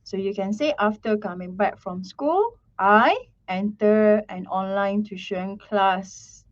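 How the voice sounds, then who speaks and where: A woman teaching an online speaking class, repeating "okay" and modelling sample answers slowly. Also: mid-range voice. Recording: dull lo-fi stream audio.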